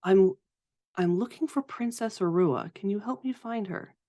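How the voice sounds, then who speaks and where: A tabletop player voicing a gentle woman who coaxes and plays along with a little princess. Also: mid-range voice, moderate pace, pitched above the performer's own voice, close to an everyday voice. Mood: coaxing. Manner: gentle, coaxing.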